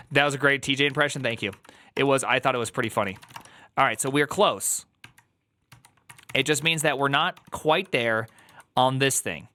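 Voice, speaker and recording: A male streamer codes live and grumbles through bugs to his chat, mixing rambling complaints with sudden sarcasm. His voice is bright and forceful, at a middling pitch. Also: normal speed, pauses often, dry recording. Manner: exasperated, rambling, talks to chat while coding.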